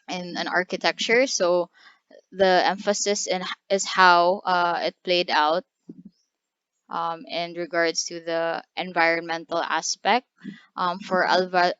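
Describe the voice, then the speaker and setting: A woman lecturing on design with a fairly low, smooth voice, pausing often on fillers and restarting her phrases. The sound is dry and dull, like a lo-fi recording close to the mic. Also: fairly bright tone, no room sound. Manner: halting, many fillers and restarts. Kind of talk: design lecture over slides.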